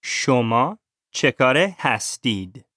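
A man's voice: medium pitch, lively intonation, bright, forceful tone, no echo, studio quality. A man learning a language, carefully repeating phrases after his teacher. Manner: careful, deliberate repetition of phrases. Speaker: language student. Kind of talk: language lesson repetition.

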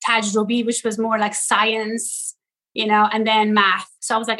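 A woman from Iran, a native Persian speaker with a Persian accent, chatting as an interview guest, animated and quick to laugh as she searches for words. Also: on the high side, poor audio. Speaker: guest, content creator. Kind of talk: casual interview chat.

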